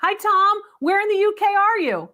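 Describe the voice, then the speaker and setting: Brief: high-pitched middle-aged woman host, upbeat, chatty antiques appraiser on a call-in show. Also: lively intonation, normal speed, bright, forceful tone.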